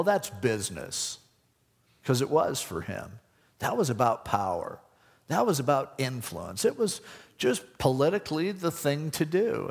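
A pastor delivers a conversational sermon, taking on the voices of the characters in his anecdotes. His mid-range voice has some vocal fry, and a long reverb tail trails behind it.

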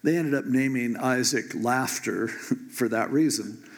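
A man's voice: mid-range voice, measured pace. A man preaching a sermon, retelling a Bible story in a casual, joking way.

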